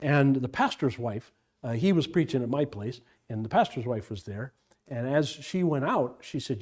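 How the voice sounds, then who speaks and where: Expressive and moderately paced, an older man's mid-range, darkish voice guides an informal Bible study as its pastor. He wanders off on tangents and restarts often.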